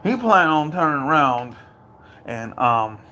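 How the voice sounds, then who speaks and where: A man's voice: a little high, sing-song, measured pace, sharp tone, slight background noise. A man ranting in a political commentary vlog, indignant and repetitive, speaking directly to his father. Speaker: video creator.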